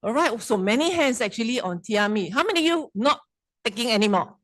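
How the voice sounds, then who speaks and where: A woman's voice: fairly high pitch, expressive, quick pace, no room sound, low-quality recording. A middle-aged woman with a Malaysian English accent gives a casual wellness seminar talk, chatty and teasing, quizzing the audience. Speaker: wellness presenter.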